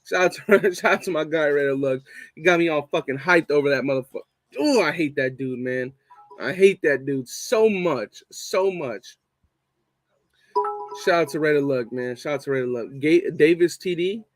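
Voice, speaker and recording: At a moderate pace and fairly high pitch, a young fan show host reads live chat on a casual stream. He swears a lot and repeats himself to drive points home, and there's no room sound.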